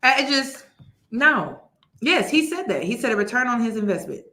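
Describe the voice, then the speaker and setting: A woman's voice: on the high side, sing-song, moderate pace, pushed and bright. Incredulous woman host in an echoey room. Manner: incredulous, mocking, emphatic. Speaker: commentary host. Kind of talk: reaction commentary.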